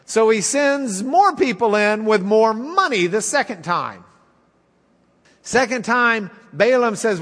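A man's voice: high-pitched, animated, unhurried, fairly bright tone, long reverb tail. A male preacher retelling a story in a folksy, wry, conversational sermon.

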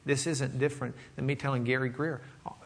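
A man's voice: mid-range voice, flat delivery, quick pace, creaky, a little hiss or hum. A man preaching a teaching sermon in a loose, conversational way, with plenty of fillers and asides to the congregation. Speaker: pastor.

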